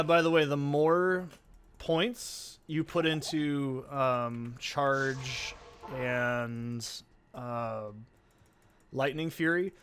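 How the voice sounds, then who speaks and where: A man's voice: medium pitch, a bit bright, a little hiss or hum. A man hosting a let's play, giving rambling, profane, self-deprecating gameplay commentary.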